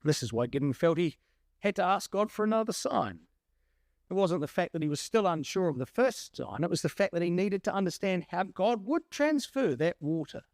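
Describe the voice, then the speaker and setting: A man's voice: sits high, big pitch swings, moderate pace, darkish tone, no echo, studio quality. A man leading a Bible study, preaching emphatically and speaking directly to his congregation. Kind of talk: sermon.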